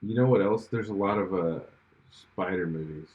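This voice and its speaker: A man's voice: deep voice, moderate pace, dull audio. A man co-hosting a podcast in casual chat, rambling with lots of fillers and restarts and laughing often. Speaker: podcast co-host.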